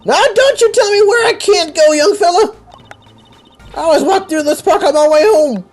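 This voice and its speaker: A gamer voicing a stubborn old woman from a video game, scolding and shrill. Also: moderate pace, darkish tone, soft background music. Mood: indignant.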